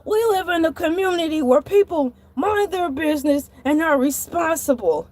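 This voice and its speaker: A woman voicing an excitable male shark who tells a comic story in a dramatic, exasperated way and sometimes bursts into shouting. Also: very high-pitched, normal speed. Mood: annoyed. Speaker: show host.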